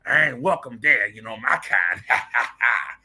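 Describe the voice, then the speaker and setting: A cackling old chauffeur caricature. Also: male voice, mid-range voice, animated, moderate pace, creaky, bright, forceful tone, husky, heavily acted. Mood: mocking. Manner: exaggerated drawl with cackling laughs.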